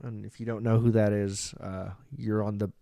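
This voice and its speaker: A man's voice: lowish voice, level tone, normal speed, vocal fry, mellow, no room sound. A man hosting a podcast, talking through a casual comedic monologue in a rambling, profane way, with frequent restarts, into a microphone. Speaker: podcast host. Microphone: studio microphone.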